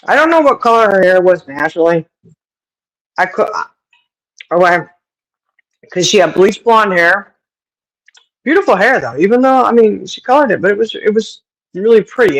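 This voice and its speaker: A woman's voice: lively intonation, a little fast, pauses often, low-quality recording. Chatty woman telling a gossip story. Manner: chatty storyteller, laughs often, Southern-style sayings; mimics others with raised pitch. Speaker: podcast co-host. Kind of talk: casual chat.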